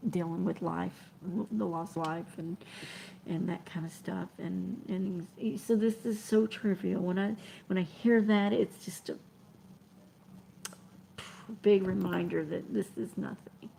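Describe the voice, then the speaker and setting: This is a woman, speaking in a low, gravelly voice. She talks in an emotional, halting way, often softening into whispers as she answers her viewers. A faint hiss of noise sits behind her. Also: steady tone. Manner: soft-spoken, emotional, halting, drops to whispers. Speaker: trucking vlogger reading live chat. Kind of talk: emotional live-stream chat.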